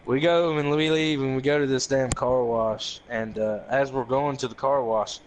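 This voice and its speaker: A man's voice: medium pitch, moderate pace, a little hiss or hum. A young man telling a profane, laughing story to friends in a casual chat. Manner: profane, laughing, animated retelling with quoted voices.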